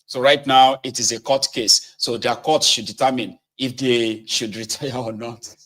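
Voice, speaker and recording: A middle-aged man, hosting casual political commentary with sardonic, animated delivery. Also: medium pitch, moderate pace. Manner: animated, sardonic, swinging between mutters and outbursts.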